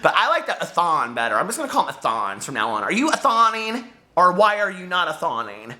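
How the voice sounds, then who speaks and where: A man hosting a casual book vlog from home, telling stories straight to his viewers. His voice is bright and forceful, and his pitch swings widely as he goes. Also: brisk. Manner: animated storyteller, talks straight to viewers. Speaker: book vlogger.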